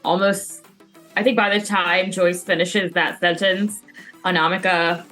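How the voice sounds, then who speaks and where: A woman's voice: on the low side, fairly even intonation, unhurried, sharp tone, faint music behind. Joking woman player in a tabletop game.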